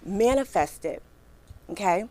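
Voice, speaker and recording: Fast-talking, animated woman recruiter. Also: mid-range voice. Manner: fast-talking, animated, chatty, asks the audience questions. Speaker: recruiter giving a career workshop. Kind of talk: lively workshop talk to an audience.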